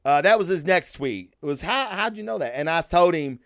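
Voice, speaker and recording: A man hosting a casual podcast, telling stories in an animated, heavily profane rant. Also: fairly high pitch, normal speed, hardly any pauses, no echo, clean studio sound. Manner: profane, animated storytelling with frequent swearing. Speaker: podcast host.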